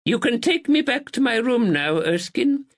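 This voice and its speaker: A man's voice: extremely high pitch, sing-song, moderate pace, voice pushed up, exaggerated voice. A man voicing an imperious elderly aristocratic woman who speaks in a commanding, formal, clipped way.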